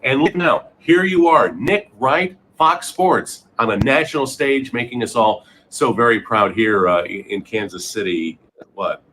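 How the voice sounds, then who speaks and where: A man's voice: mid-range voice, measured pace, fairly bright tone, slight background noise. A man recording a playful video message, upbeat and then mock-confused. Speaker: TV news reporter.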